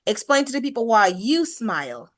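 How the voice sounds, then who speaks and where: A woman hosting over a video call, lively and playful, laughing easily. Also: fairly high pitch, moderate pace. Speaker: next segment host. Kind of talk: casual hosting chat.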